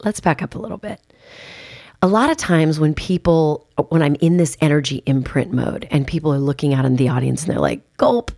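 A woman hosts a podcast and coaches listeners on public speaking. She talks in a low, gravelly voice that often drops into fry. Her delivery is emphatic and conversational, full of casual asides, heard dry and close. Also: brisk, mellow, dry recording.

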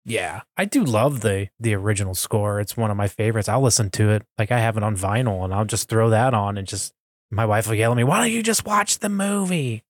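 Easygoing man with a lower voice. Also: a little fast, no echo, clean studio sound. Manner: easygoing, laughs often. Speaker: podcast guest. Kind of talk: casual podcast chat.

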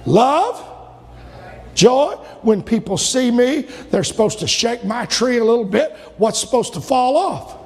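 A man preaching a sermon as pastor, swinging from loud shouted peaks to sudden quiet drops. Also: very high-pitched, lively intonation, measured pace, big-room sound.

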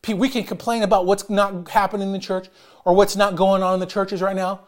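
A middle-aged man preaching a sermon as pastor, loud and emphatic, calling out to his congregation. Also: high voice, level tone, fairly quick.

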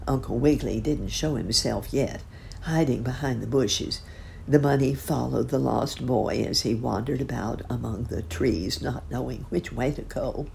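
A woman's voice: rumbling low, moderate pace, vocal fry, a little mellow, a little hiss or hum. A woman reading a children's story aloud in a lilting storybook narration.

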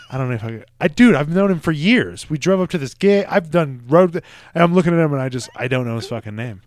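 A man's voice: fairly high pitch, fairly quick, no room sound. A young adult man from Nebraska, a stand-up comedian telling stories in a casual, profane podcast chat. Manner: profane, animated storytelling. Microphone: close podcast mic.

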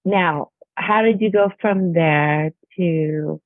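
A woman's voice: lowish voice, slow, no room sound. A woman hosting a podcast interview, encouraging her guest with short prompts and reactions. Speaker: podcast host. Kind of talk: casual interview. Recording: tinny phone-like audio.

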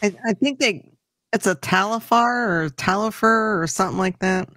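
A woman's voice: mid-range voice, moderate pace, a bit bright, no room sound, clean studio sound. A woman in a casual chat, speaking tentatively and hedging her points.

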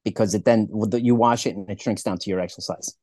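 A man co-hosting a podcast, chatting casually in a fast, profane, rambling way. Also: lowish voice, steady tone, warm tone, dry recording, studio quality. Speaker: podcast co-host. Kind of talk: casual chat.

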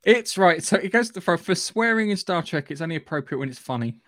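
A man's voice: high voice, expressive, fast, a bit bright, no room sound. A man co-hosting a podcast in casual chat, eagerly working out theories aloud. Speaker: podcast co-host.

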